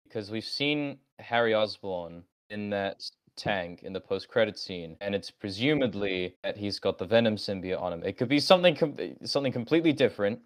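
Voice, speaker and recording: A man co-hosting a casual gaming chat, speaking in a measured way and putting questions to his co-host. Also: lowish voice, expressive.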